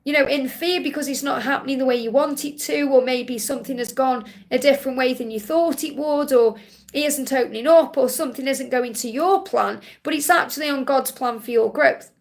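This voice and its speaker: A woman with a high voice hosts a live-stream card-reading session and answers viewers' questions one after another. She speaks in a soothing, reassuring way and circles back to the same comforting phrases again and again. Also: fairly quick. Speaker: spiritual card reader hosting a live Q&A.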